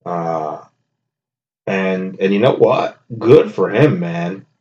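A man's voice: deep voice, slow, a little mellow, lo-fi sound. A man hosting a comedy podcast from his home kitchen, rambling with joking bravado and constant self-corrections. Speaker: podcast host.

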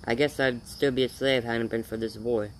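A weary drifter, hungry and grateful, answers in humble rural talk, read by a man. His voice sits at an ordinary middle pitch for a storybook reading. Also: fairly even intonation, normal speed, slight background noise, lightly acted, low-quality recording. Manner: folksy rural speech, eager and polite.

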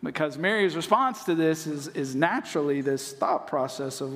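A man from North Carolina, preaching a sermon as pastor and acting out voices in animated storytelling. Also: fairly high pitch, moderate pace, few pauses. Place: church auditorium. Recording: long reverb of a large hall.

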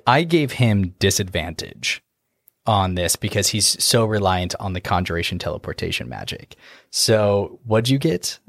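A man in the role of game master, narrating a tabletop game in a relaxed, rambling way. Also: on the low side, normal speed, vocal fry, no room sound.

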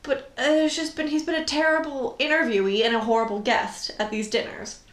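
A sarcastic woman co-host recaps a film in loose, swearing chat. Her voice sits fairly high. The sound echoes in a roomy space. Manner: swearing, sarcastic, quick asides. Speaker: podcast co-host. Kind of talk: casual movie recap chat. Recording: roomy echo.

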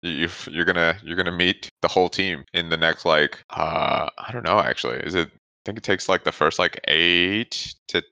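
Deep-voiced easygoing man hosting a podcast. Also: moderate pace, gravelly, pushed and bright, smooth, no room sound. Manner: easygoing, explains at length, acts out quoted lines. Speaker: podcast host. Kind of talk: casual chat. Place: home, remote call.

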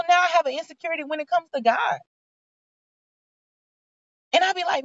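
A woman's voice: extremely high pitch, fairly quick, pauses often, no echo. A woman, giving a heartfelt, preachy motivational faith talk in a conversational way. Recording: dull lo-fi sound.

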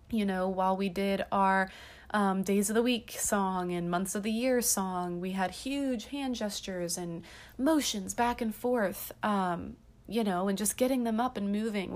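A woman in her thirties hosting a casual podcast, talking chattily with lots of ums and restarts. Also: medium pitch. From half Irish. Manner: chatty, rambling, frequent ums. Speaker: podcast host. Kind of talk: casual chat.

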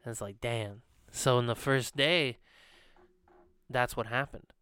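Speaking a little slowly, this young podcast co-host has a bright, forceful mid-range voice with a clean tone. He chats casually, spinning long meandering stories laced with fillers and laughs. The studio podcast mic captures him with no room sound.

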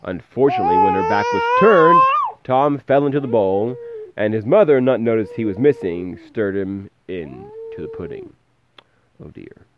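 A man reading a fairy tale aloud in a lively way, pausing to explain words. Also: on the low side, highs cut off. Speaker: storyteller.

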